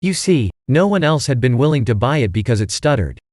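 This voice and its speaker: A man voicing a grand, slow old stage actor. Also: medium pitch, very animated, darkish tone, no echo, clean studio sound, lightly acted. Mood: recounting. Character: elderly male stage actor, grand and vague.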